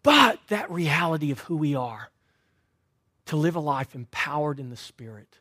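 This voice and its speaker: Man, pastor, sermon, high voice, very expressive pitch, loud-to-hushed storytelling. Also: moderate pace, no room sound. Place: church sanctuary.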